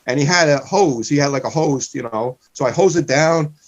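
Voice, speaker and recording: A man's voice: on the high side, normal speed, lo-fi sound. A man, a comedian, casually telling a rambling story, often restarting and stopping himself. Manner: rambling, self-interrupting.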